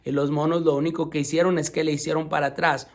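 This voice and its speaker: Male storyteller, slightly high voice, teacherly read-aloud with questions to kids. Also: level tone, rapid-fire. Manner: asks listeners questions, patient and teacherly.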